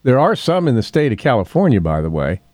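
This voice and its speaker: An older man hosting a local radio talk show, rambling in a folksy way with ums and frequent throat clearing. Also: mid-range voice, very animated, fast, darkish tone, no echo, studio quality. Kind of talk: casual talk radio monologue. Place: radio studio.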